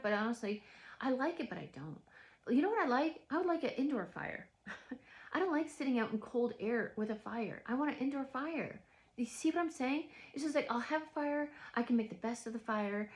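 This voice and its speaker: Woman vlogging at home, kinda high voice, rambly, lots of likes and you knows. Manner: rambling, many restarts and filler words. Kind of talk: reflective personal monologue.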